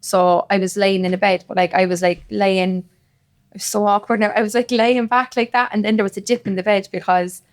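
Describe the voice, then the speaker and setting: A woman's voice: mid-range voice, fairly even intonation, normal speed. A woman with a Cork Irish accent, a podcast guest telling her story in casual chat, rambling and emphatic, with plenty of "like". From Cork, Ireland.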